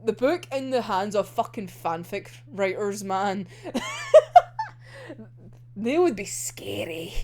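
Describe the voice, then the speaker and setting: A woman's voice: mid-range voice, lively intonation, slow, long pauses, a little mellow. A young woman discussing an anime episode in a casual, giggly, rambling way, swearing freely. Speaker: anime reviewer.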